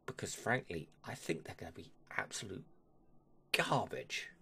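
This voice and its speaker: A man's voice: low voice, lively intonation, moderate pace, gravelly, sharp tone, husky. A man giving his opinion in a casual vlog, grumbling and dismissive, trailing off with sighs. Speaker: vlogger.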